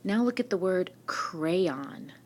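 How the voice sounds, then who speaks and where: Slow, patient woman teaching spelling. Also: on the low side, animated, darkish tone. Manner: slow, patient, asks and answers her own questions. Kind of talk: recorded spelling lesson. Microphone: screen-recording mic.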